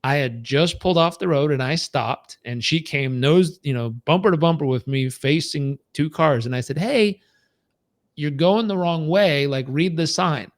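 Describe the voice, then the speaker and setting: Man, 30s, coach giving a live training, lively storytelling, acts out voices, fairly high voice, dry sound. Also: normal speed, few pauses, no echo. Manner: animated, acts out quoted voices with big pitch jumps.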